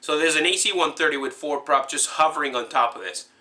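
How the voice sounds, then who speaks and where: A man excitedly recapping a movie scene in a rambling, casual way, full of fillers and restarts. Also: fairly high pitch, quick pace. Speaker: movie fan recapping a film.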